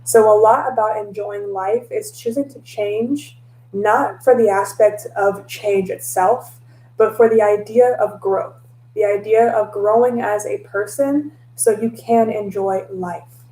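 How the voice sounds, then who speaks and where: A woman telling stories in a casual vlog, animated and laughing often, slipping into voices for her own past lines. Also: mid-range voice, a little slow, roomy sound, low-quality recording. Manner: laughs often, mixes in mild cursing. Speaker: tarot reader and vlogger.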